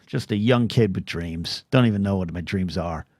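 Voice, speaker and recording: A middle-aged man hosts a solo podcast in a deep, slightly mellow voice at a moderate pace, with a dry recording and clean studio sound. He rambles, pokes fun at himself, stumbles over restarts, and acts out quoted voices in short bursts.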